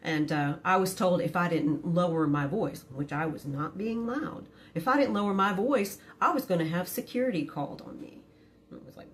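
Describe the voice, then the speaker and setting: Low-voiced woman telling a blunt story. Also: normal speed. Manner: blunt, profane and dramatic; quiet, low-key delivery. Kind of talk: casual storytime.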